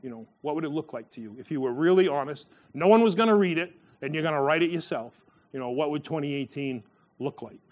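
A man preaching in a relaxed, rambling manner, his voice sitting a little high for a man. He trails through fillers and restarts, then springs up in pitch whenever he acts out someone in a story. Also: fast talker, dull audio. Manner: acts out quoted voices with a sharp rise in pitch. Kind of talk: sermon.

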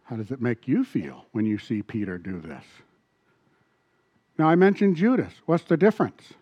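A man preaching a sermon as pastor, animated and asking the congregation questions. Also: medium pitch, moderate pace, slightly rough, no echo, muffled recording.

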